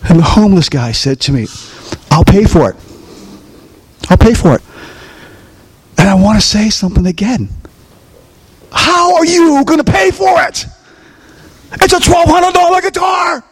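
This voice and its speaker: Storytelling pastor preaching to a congregation. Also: male voice, fairly high pitch, vocal fry, a little mellow, breathy edge. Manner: storytelling, asks the congregation questions. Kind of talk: sermon. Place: church before a congregation.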